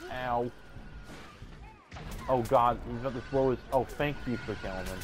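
A man's voice: medium pitch, normal speed. Swearing, frustrated gamer man over game music. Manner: frustrated, swearing, yelling at enemies. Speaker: gameplay streamer. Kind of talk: live gameplay commentary.

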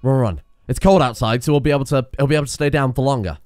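A young man giving casual, excitable let's-play commentary, swearing and laughing at in-game disasters. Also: medium pitch, rapid-fire, no echo, clean studio sound. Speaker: gaming video host.

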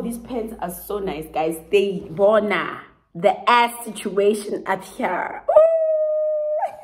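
A South African woman talks through her clothing haul at an unhurried pace. Her middle-range voice swings into dramatic, gushing excitement, with frequent laughter. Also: mid-range voice, low-quality recording. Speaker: fashion vlogger. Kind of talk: casual try-on haul chat.

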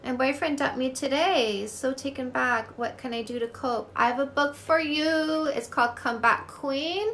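High-voiced blunt Canadian dating coach. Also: female voice, moderate pace, hardly any pauses, a bit bright, slight background noise. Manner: blunt, swears casually, upbeat. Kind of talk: live-stream Q&A, answering comments.

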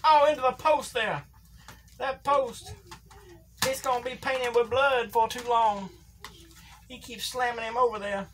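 A woman's voice: on the high side, steady tone, unhurried, pauses often, slight background noise, lightly acted. Woman doing a folksy Southern wrestling announcer. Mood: excited ringside. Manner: thick put-on Southern drawl, country grammar, cries of "Lordy". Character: folksy Southern older male wrestling commentator. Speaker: play-by-play commentator for a toy wrestling figure match. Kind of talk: comedic ringside commentary.

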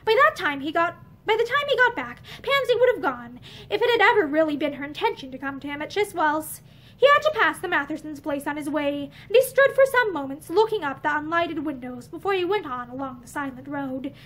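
Woman reading an old novel out loud, earnest and expressive, really high voice. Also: brisk. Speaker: audiobook reader. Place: indoor room with bookshelves. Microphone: camera facing her.

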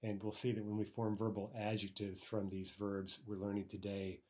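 Man teaching, slightly low voice. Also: completely flat delivery, normal speed, a little mellow. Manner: explanatory, frequent fillers and "right?" checks. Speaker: language teacher. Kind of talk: screen-recorded lesson walkthrough.

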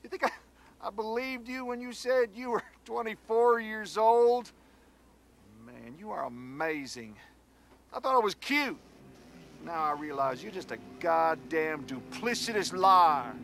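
An actor playing a dry, sarcastic fiancé on a road trip who bursts into yelling. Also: male voice, sits high, lively intonation, measured pace, slight background noise, full character voice. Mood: scornful. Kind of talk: comedy sketch acting.

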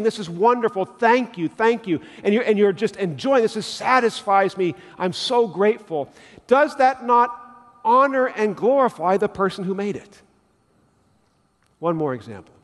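A man preaching a sermon as pastor, telling everyday stories and acting out little scenes as he makes his point. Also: sits high. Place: church sanctuary. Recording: long church reverb.

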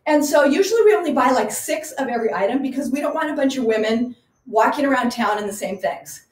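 A woman's voice: high-pitched, lively intonation, quick pace. A woman who runs a small garage boutique, chatting enthusiastically as she presents clothes in a live online showcase. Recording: echoey room.

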